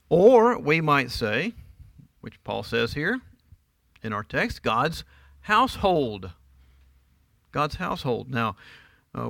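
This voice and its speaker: A man's voice: on the high side, fairly bright tone, no room sound. A middle-aged man preaching a sermon in church, emphatic and often asking his listeners rhetorical questions. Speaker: pastor.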